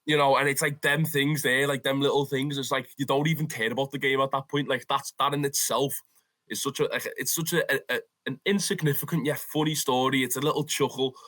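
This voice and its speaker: A man's voice: medium pitch, a little fast. A young man with a Liverpool accent, a podcast guest telling football stories casually, swearing and laughing as he goes. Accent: Liverpool (Scouse). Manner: animated, swears freely, says "lad" often, bursts into laughter. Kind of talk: casual storytelling.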